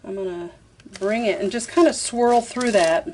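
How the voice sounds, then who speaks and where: A woman's voice: a little high, unhurried, darkish tone, slight background noise. A woman, chatting her way through a craft tutorial, talking to herself as she works. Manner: chatty, talks to herself while working, says "y'all". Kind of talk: casual step-by-step craft tutorial.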